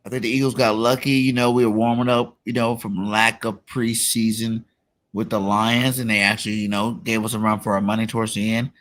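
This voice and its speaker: A man hosting a casual sports talk show, relaxed and full of "you know" fillers. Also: lowish voice, brisk. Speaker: podcast host.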